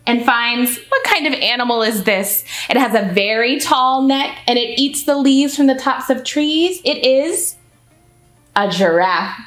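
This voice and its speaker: A woman reads a picture book aloud to children in an animated storytime voice, stopping to ask her listeners questions. Her voice is high and lively, rising and falling often. It rings in an echoey room with faint music in the background. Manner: animated, asks the audience questions. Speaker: children's librarian. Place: library.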